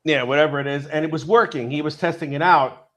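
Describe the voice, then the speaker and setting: A man with a fairly high voice chatting casually on a podcast. He rambles, swears freely and jumps into acted-out quotes as he tells a story. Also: fast, a bit bright. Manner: profane, rambling storyteller who acts out quotes. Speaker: podcast co-host. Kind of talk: casual chat.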